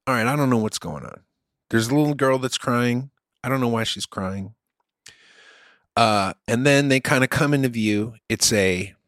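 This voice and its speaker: A man's voice: lowish voice, a bit bright, no room sound, studio quality. A man telling a story in casual chat, earnest and often restarting his sentences.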